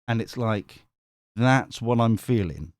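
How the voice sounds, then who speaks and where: A man's voice: mid-range voice, expressive, slow pace, no room sound, studio quality. A man with a British accent, giving a chatty live tarot reading. He rambles, gets sidetracked and swears casually. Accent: British English. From Britain. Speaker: tarot reader.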